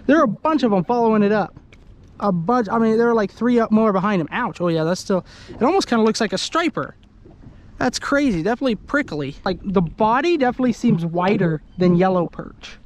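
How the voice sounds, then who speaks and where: A man from Idaho giving excited, chatty commentary to the camera while fishing from a kayak on a lake. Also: high voice, brisk. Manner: excitable, exclaiming, chatty with viewers. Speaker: fishing vlogger. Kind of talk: casual outdoor commentary to camera. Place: kayak on an open lake outdoors. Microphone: handheld camera.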